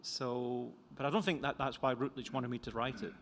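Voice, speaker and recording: A man's voice: mid-range voice, fairly even intonation, normal speed, fairly bright tone, a little hiss or hum. An older man with a Scottish accent giving a conference talk about his book, rambling and self-deprecating, with many restarts. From Scotland. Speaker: economist presenting a book. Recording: lecture hall reverb.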